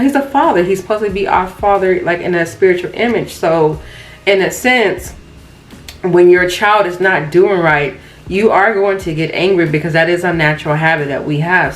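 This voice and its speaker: A woman's voice: on the low side, rough recording. Chatty young woman telling a makeup-chair story. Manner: chatty, animated storytelling with laughs and asides. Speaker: makeup vlogger. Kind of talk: casual get-ready-with-me storytime.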